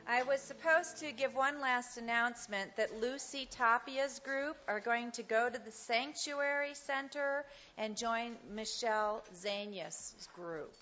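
A middle-aged woman speaking at a church women's gathering, telling a story with animation and then praying gently. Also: a little high, measured pace, hardly any pauses, lo-fi sound. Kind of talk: devotional talk and prayer.

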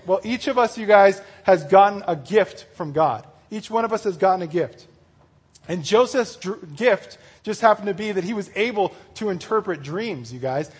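Husky-voiced man giving a casual sermon. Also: high voice, a little mellow. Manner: casual and conversational, retells stories in slangy acted-out voices. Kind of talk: casual sermon with scripture reading.

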